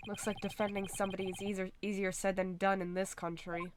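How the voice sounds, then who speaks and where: A woman's voice: mid-range voice, quick pace, hardly any pauses, background noise. A woman streaming a game, reading the dialogue aloud in different voices and reacting with laughter and chatter between the lines. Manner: animated, laughs often, voices characters.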